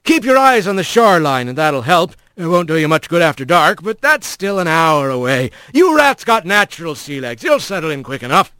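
A man's voice: fairly high pitch, sing-song, fairly quick, few pauses, sharp tone, clean tone, dry recording. A man voicing an easygoing, witty male otter bosun who jokes with the crew in a storybook reading. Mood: friendly. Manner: jovial and wry.

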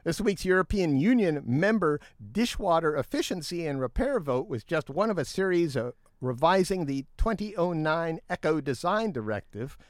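A man's voice: on the high side, animated, normal speed, hardly any pauses, no echo, clean studio sound. A middle-aged man co-hosting a casual news talk show, reading headlines and then riffing on them in a chatty way.

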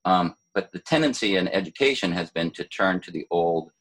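An older man talks about poetry in a deep, slightly husky voice. He is thoughtful and unhurried, often pausing and restarting his sentences. The tone is that of a relaxed conversation. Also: poor audio. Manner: thoughtful, hesitant, many fillers and restarts. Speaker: poet, former city poet laureate.

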